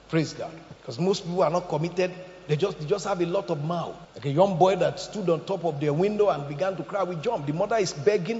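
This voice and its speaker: Male pastor, high and animated voice, sermon in a reverberant church hall. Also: fast, slight background noise. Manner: animated preaching, swings from shouting to hushed. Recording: echoey hall, muffled sound.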